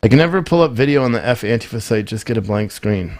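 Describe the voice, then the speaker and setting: A man's voice: mid-range voice, lively intonation, fast talker, a little mellow. A man streaming a shooter game, chatting casually and trading slangy banter with teammates and viewers. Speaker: streamer playing an online shooter. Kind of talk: casual gameplay chat.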